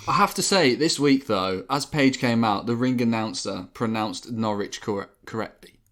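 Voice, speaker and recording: A man's voice: medium pitch, normal speed, a bit bright. A young man co-hosting a podcast, chatting enthusiastically and casually, with the odd swear. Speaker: podcast co-host. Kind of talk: casual chat recapping wrestling.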